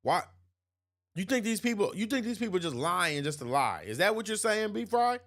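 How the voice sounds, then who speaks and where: A man's voice: high-pitched, big pitch swings, moderate pace, fairly bright tone. A man hosting an opinion livestream, reading chat comments aloud and answering them emphatically, often repeating himself and laughing. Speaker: host.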